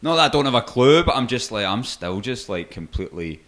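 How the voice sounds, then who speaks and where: A man's voice: mid-range voice, big pitch swings, brisk, fairly bright tone. A young man co-hosting a podcast, rambling hesitantly and putting himself down in casual chat. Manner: hesitant, rambling, self-deprecating. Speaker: podcast co-host.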